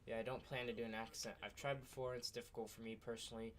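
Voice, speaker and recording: A man with an American accent chatting casually with a friend over gameplay, making measured, thoughtful remarks. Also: mid-range voice, little pitch movement, slight background noise. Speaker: co-host friend.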